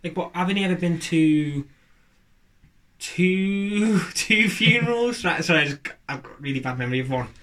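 A man telling stories in casual podcast chat, with a voice pitched a little high. He rambles, restarts his sentences and drops jokes as he goes. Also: animated, moderate pace, fairly bright tone. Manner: rambling, jokey, many fillers and restarts. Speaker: podcast co-host.

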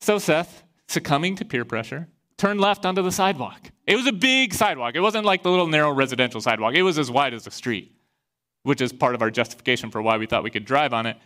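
A pastor from Iowa, a man giving a sermon and telling a personal story in a lively way, acting out the voices he quotes. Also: on the high side, fast talker. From Iowa, USA.

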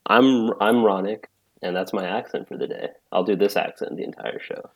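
A man's voice: lowish voice, normal speed, crowd noise. A man chatting on a casual podcast, dry and joking, with some hesitation. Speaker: podcast co-host.

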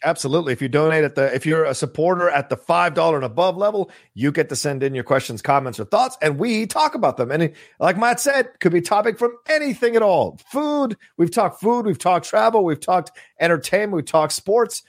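Man, podcast co-host, lively swinging pitch, dry close sound, casual rambling chat. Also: brisk, hardly any pauses, no room sound. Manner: animated, rambling, swearing. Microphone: video call.

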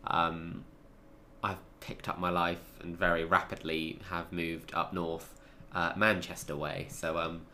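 A young man from England chats easily, with a deep voice and plenty of fillers. He laughs often as he talks. A faint background hiss sits under him. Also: little pitch movement, a little slow, pushed and bright. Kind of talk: casual chat.

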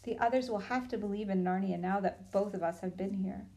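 A woman's voice: medium pitch, a little fast, creaky, close to an everyday voice. A woman reading a storybook and voicing an eager, happy little girl. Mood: excited. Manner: eager and breathless with excitement.

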